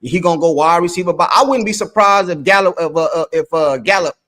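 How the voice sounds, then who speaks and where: A man arguing his point on a casual sports show, rattling along at a fast clip. His voice sits a little high. He keeps tripping over his words, repeating and restarting, and defends his view with insistence. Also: a bit bright. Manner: halting, repeats and restarts phrases.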